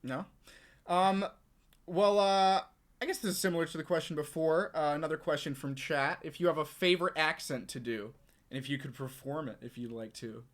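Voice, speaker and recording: A casual panel moderator passing on questions from chat. The delivery is hesitant and full of fillers, at a middling pitch. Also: fairly even intonation, normal speed.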